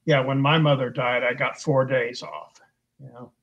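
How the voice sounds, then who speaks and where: An older man as a guest in a casual chat, answering calmly and agreeably in short replies. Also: medium pitch, moderate pace, muffled recording. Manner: calm, agreeable, brief replies.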